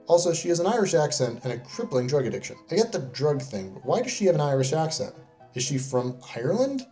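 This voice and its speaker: A man giving comedic scripted narration as a game reviewer, sarcastic and deadpan. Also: medium pitch. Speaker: video creator reviewing game companions.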